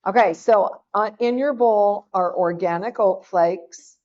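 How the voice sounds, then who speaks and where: A middle-aged woman from Oklahoma talks an audience through a recipe in an easy, folksy way, checking in with them often. She speaks slowly and unhurried. The sound is dull and a bit lo-fi. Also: mid-range voice, darkish tone. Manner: chatty, folksy, addresses the audience directly. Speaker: cooking demonstrator at a health seminar. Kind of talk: casual cooking talk to an audience.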